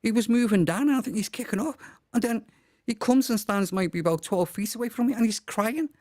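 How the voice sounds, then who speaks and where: A middle-aged pastor from Liverpool, England, speaks with a Liverpool accent as a guest in a casual chat, telling his story vividly and acting out what people said. His voice is high, a little mellow, and brisk. The studio-quality recording has no room sound.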